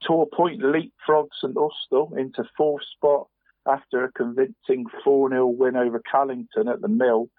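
A man's voice: mid-range voice, level tone, unhurried, no echo. A man reading local football results on radio in a rambling, chatty way, calling his co-host "mate". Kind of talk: casual radio sports round-up. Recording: dry, tinny phone-like radio sound.

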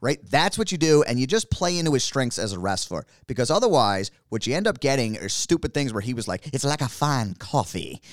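A man talking casually and rambling through animated opinions as a podcast co-host. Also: mid-range voice, fast talker, hardly any pauses, no echo, studio quality. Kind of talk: casual wrestling chat.

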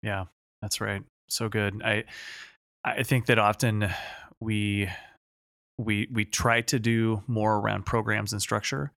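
A man's voice: lowish voice, flat delivery, takes it slowly, creaky, fairly bright tone, no room sound, studio quality. A man hosting and coaching, responding to his guest in an affirming, encouraging way. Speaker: host and fundraising coach. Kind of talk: podcast conversation.

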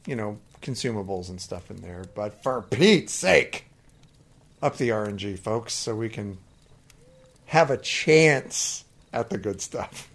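A man co-hosting a casual gaming podcast, joking around in animated banter. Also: lowish voice, takes it slowly. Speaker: podcast co-host.

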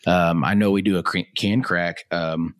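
A man co-hosting a casual beer tasting chat, his voice a bit hoarse from yelling. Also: low-pitched, normal speed, dry recording, clean studio sound. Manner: relaxed, chatty, reads labels aloud. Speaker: co-host of a beer tasting show.

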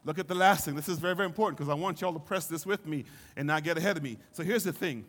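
A man preaching a sermon, moving from calm teaching to shouted, sing-song preaching and acting out voices from scripture. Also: a little high, very fast, long reverb tail. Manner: acts out voices of scripture figures.

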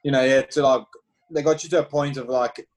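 A South African former pro cyclist in his thirties, appearing as a podcast guest, chats casually in a brisk mid-range voice with a South African accent. He tells stories in a relaxed, loose way full of fillers, and the recording is rough.

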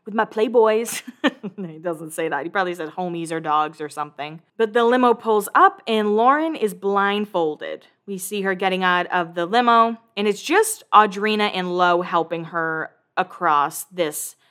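A woman in her thirties hosting a podcast, gossiping through a casual, chatty recap of a reality show. She acts out the cast's lines in quick bursts and swears freely. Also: fairly low pitch, a bit bright.

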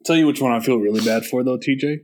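A man's voice: mid-range voice, fast, a little mellow. A man in casual chat, laid-back and profane, laughing often.

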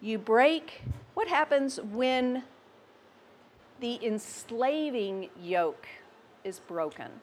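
Slow, emphatic woman preaching a sermon. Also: fairly high pitch, lively intonation, slight background noise. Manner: conversational, asks the congregation questions.

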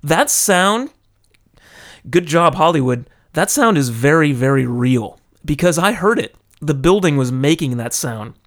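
A man from California, animated and dramatic, telling a personal story into a close microphone. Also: fairly high pitch. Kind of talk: casual storytelling monologue. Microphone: close studio microphone.

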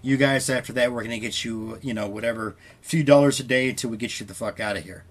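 A man's voice: medium pitch, fast. A man hosting a podcast, casually retelling a story with loose quoted dialogue and frequent swearing. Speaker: podcast host.

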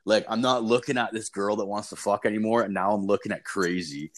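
A young man with a somewhat low voice spins a rambling, profane story. His delivery is loose and casual, packed with filler and curse words. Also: steady tone, fairly quick.

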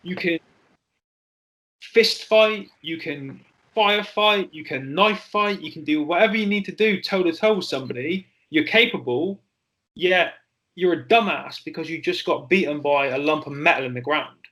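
Candid man with a bright voice. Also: fairly high pitch, poor audio. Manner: candid, halting, with frequent fillers and swearing. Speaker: interview guest, former soldier. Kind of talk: personal storytelling in an interview.

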